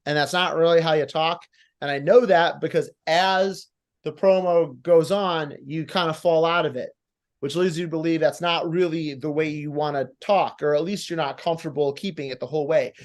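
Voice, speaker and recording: A man's voice: fairly high pitch, moderate pace. A man judging wrestling promos, giving blunt, coaching feedback and acting out moves and lines as he explains, with casual swearing. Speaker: talent competition judge. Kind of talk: live critique of wrestling promos.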